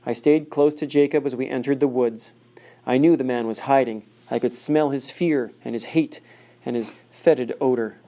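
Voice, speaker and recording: A male audiobook narrator reads a first-person story at an even, measured pace. His voice sits at a middle pitch with a dark, mellow tone.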